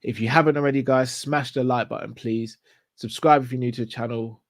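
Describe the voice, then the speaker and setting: A man's voice: medium pitch, steady tone, fairly quick, no room sound, studio quality. A man hosting a casual fight watchalong, chatty and upbeat, signing off like a show host. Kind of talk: casual fight commentary chat.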